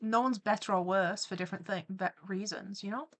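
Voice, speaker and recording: A woman streamer animates live, reading out viewer comments and responding with excitement. She has a mid-range voice and talks fairly quickly.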